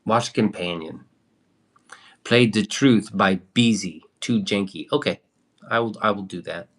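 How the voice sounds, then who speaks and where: Speaking in a lowish voice at a measured pace, this young livestream host keeps things casual. He replies to viewer comments and lets the occasional curse word slip.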